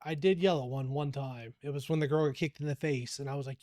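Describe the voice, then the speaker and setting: A man's voice: mid-range voice, fast, few pauses, no room sound, studio quality. A man around forty telling a story in casual podcast chat, acting out what he said to people. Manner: animated storytelling, acts out quoted exchanges. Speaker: podcast co-host, former youth coach.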